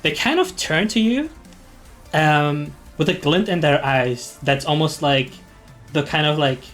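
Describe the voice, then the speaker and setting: A man runs a tabletop game in a slightly high voice. He narrates very slowly and hesitantly, restarting his sentences. Faint music plays underneath. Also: lively intonation, a bit bright. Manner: hesitant, full of ums and restarts. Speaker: game master.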